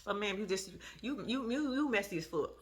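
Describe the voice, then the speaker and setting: A woman giving sassy, animated casual commentary, often laughing. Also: medium pitch, a little fast. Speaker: reality TV recap vlogger.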